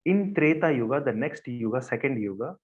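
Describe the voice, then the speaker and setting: A man's voice: mid-range voice, lively intonation, brisk, darkish tone. Male devotional storyteller with simple, repetitive phrasing and a middle voice; dull, lo-fi audio. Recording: dull lo-fi recording.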